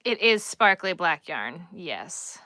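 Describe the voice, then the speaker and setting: A woman's voice: lowish voice, big pitch swings, slow pace, bright, forceful tone, no echo. A woman with a Long Island accent hosting a crochet live stream, chatting casually and thinking aloud as she works and reads the chat.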